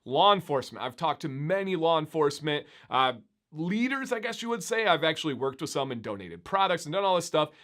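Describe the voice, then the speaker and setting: A man chatting upbeat and animated to his viewers in a casual vlog. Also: a little high, brisk. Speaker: beard YouTuber. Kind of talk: casual vlog talk to camera.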